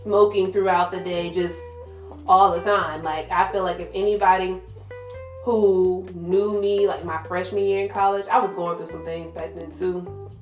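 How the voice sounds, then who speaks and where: Young woman, low-ish voice, candid slangy storyteller; echoey room, faint music bed. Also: steady tone, moderate pace. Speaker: guest sharing her testimony. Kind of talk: casual faith conversation. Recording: roomy echo with soft music behind.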